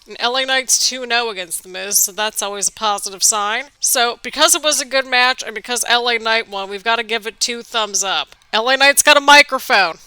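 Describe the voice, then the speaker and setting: A woman hosting a wrestling reaction video, chatting excitably with quick laughs while a bit stuffy from allergies. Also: fairly high pitch, clear, resonant tone, dry recording. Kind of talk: casual live reaction commentary.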